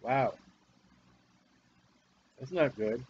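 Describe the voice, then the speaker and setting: A man's voice: high-pitched, animated, measured pace, lo-fi sound, slight background noise. A man preaching a fiery, confrontational sermon with a lot of repetition.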